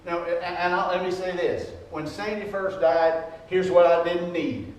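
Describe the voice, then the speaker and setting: Older guy preaching, pretty high voice, lots of church echo. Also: steady tone, unhurried, hardly any pauses, lo-fi sound, a little hiss or hum. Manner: personal, conversational preaching. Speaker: pastor. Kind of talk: sermon. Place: church sanctuary. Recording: echoey church, distant mic.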